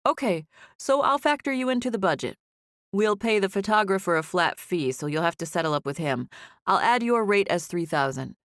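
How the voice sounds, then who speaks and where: A woman voicing a businesslike female magazine coordinator in an audiobook, speaking crisply and matter-of-factly. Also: mid-range voice, lively intonation, moderate pace, a bit bright, no room sound, studio quality, natural voice.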